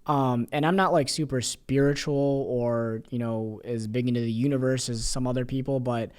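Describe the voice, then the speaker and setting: A young man hosts his podcast alone, telling a personal story in a loose, chatty monologue. His voice sits at an ordinary middle pitch, and he livens up whenever he acts out what other people said. Fillers and restarts run through his talk. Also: normal speed, smooth. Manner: animated, acts out quoted voices, many fillers. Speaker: podcast host.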